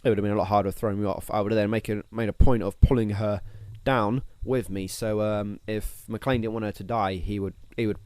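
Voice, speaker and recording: Fast-talking low-voiced man. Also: fairly even intonation, darkish tone, smooth, no room sound. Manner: rambling, jokey, thinks aloud with fillers. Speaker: podcast co-host. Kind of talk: casual podcast chat.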